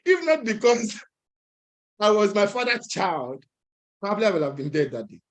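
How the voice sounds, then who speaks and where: A young man speaking at an entrepreneurs' event, telling a personal story in a lively way, chuckling and acting out other people's lines. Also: sits high, moderate pace. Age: young adult.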